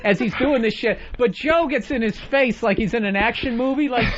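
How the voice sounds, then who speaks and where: Sarcastic male comedy radio host, high voice, muffled lo-fi sound. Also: normal speed, noisy background. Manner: sarcastic, needling. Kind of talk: casual radio banter. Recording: dull lo-fi radio audio.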